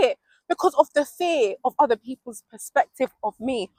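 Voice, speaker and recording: A young adult woman, giving an emphatic, animated motivational vlog outdoors while out walking, laughing often. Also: high-pitched, moderate pace, dry recording, poor audio. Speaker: vlogger. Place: outdoors on a walk. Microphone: mic worn while walking.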